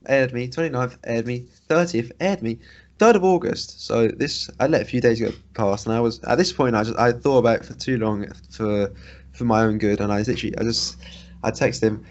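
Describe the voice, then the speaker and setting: A man's voice: medium pitch, a little fast, a little mellow. A young man co-hosting a podcast, rambling and swearing as he retells an annoying story in casual chat. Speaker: podcast co-host. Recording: dull lo-fi sound.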